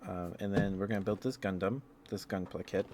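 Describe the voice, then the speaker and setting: A man streaming ASMR, chatting casually and excitedly with viewers in a rambling, friendly way. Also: low-pitched, noisy background. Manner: excitable, rambling, with fillers and quick laughs. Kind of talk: casual live-stream chat.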